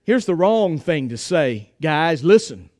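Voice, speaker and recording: A man's voice: on the high side, sing-song, slow, darkish tone, no room sound. A man preaching a sermon in a folksy, joking and emphatic way.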